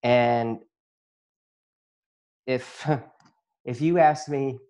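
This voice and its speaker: A man's voice: mid-range voice, fairly even intonation, moderate pace, darkish tone. A man who works as a chiropractor and facilitator, giving an earnest, emotional personal testimony to an audience and often breaking into laughter.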